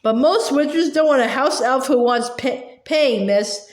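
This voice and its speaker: A woman voicing an eager, servile male house-elf who talks in a squeaky voice and calls everyone sir. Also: a little slow, reverberant. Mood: earnest.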